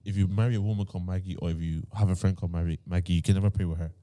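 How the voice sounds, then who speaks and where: A man chatting casually on a podcast, jokey and quick to laugh, telling corny jokes. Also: sits low, fairly even intonation, mellow. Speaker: podcast co-host. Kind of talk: casual chat.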